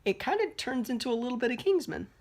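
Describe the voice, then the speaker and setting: A woman's voice: on the high side, big pitch swings, fast, a little mellow. A young woman giving a casual, rambling film review, swearing freely and full of fillers and restarts. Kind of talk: casual spoken movie review.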